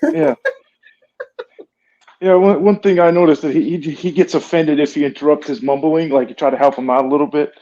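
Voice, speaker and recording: Male podcast guest, higher pitch, excited interjections, muffled audio. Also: brisk. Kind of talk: casual chat. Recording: dull, muffled sound.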